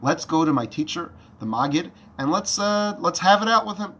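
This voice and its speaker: An earnest poor young scholar who won't budge, as a man tells the story. He talks eagerly and insistently, his pitch lifted above the teller's own, with a bright, forceful tone. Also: expressive, moderate pace, full character voice.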